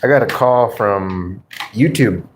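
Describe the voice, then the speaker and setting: A man hosting a casual livestream, talking to his viewers at an unhurried, easygoing pace. He rambles from one thought to the next, laughs often, and swears freely. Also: on the low side, slight background noise. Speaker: live streamer.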